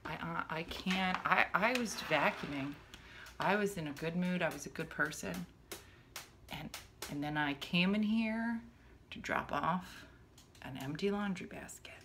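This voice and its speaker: With background noise behind her, a middle-aged woman voices a casual comic rant to camera from her bedroom. Her voice is on the low side and measured in pace, punctuated by exasperated gasps and exclamations.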